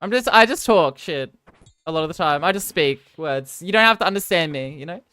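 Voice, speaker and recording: Smooth-voiced rambling Australian woman streamer. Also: lowish voice, expressive, fairly quick, a bit bright, no echo. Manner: rambling, self-mocking, answers viewers' chat between game moments. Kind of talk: casual live-stream chat.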